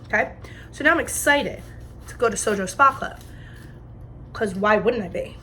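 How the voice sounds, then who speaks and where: A New Jersey woman in her twenties vlogs from her home kitchen, cooking while she tells stories in a chatty, slangy, animated way. Her medium-pitched voice moves at a moderate pace, with a little hiss or hum in the recording.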